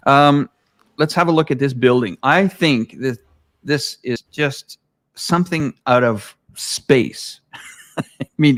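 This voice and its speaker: A man's voice: mid-range voice, fairly bright tone, no echo. Rambling enthusiastic man, dry sound. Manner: rambling, lots of fillers, enthusiastic. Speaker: live stream host showing aerial footage. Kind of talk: casual chat.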